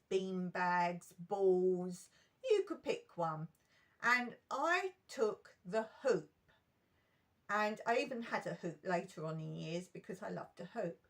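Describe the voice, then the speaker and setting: A middle-aged woman recounting school memories in an emotional, animated storytime vlog. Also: medium pitch.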